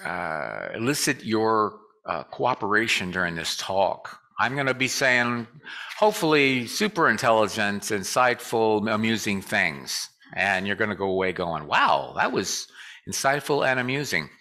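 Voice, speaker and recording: Bright-voiced man giving a lively casual sermon. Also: on the low side, a little slow. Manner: joking, conversational, leads call and response. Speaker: guest speaker. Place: church sanctuary.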